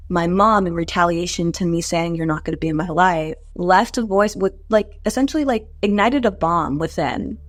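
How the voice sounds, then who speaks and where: A young woman in her twenties tells her own life story to an interviewer in a candid, conversational way. Her voice sits a little low for a woman, and she leans on casual fillers and sometimes lifts her pitch to act out what others said. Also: normal speed, few pauses, no echo. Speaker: interview guest.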